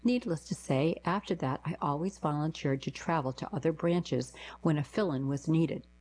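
Woman reader, low husky voice, plain reading for a radio reading service. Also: normal speed, darkish tone, poor audio. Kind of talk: reading newspaper diary columns aloud.

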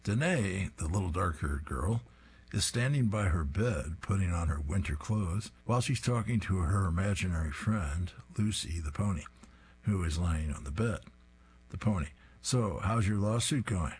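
A man's voice: low voice, lively intonation, moderate pace, a little hiss or hum. A man reading comic strips aloud, describing each panel with an amused tone. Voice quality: husky.

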